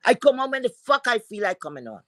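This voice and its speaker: A woman's voice: fairly high pitch, sing-song, fast talker, pushed and bright, dry recording. A woman from Philadelphia hosting a livestream, ranting and taunting a rival with heavy profanity. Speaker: livestream host.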